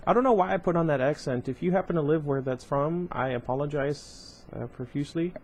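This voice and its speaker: A man's voice: a little high, a little fast, darkish tone, slight background noise. A man casually reading a novel aloud at home, breaking off often for rambling side comments full of fillers. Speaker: reader of a book series.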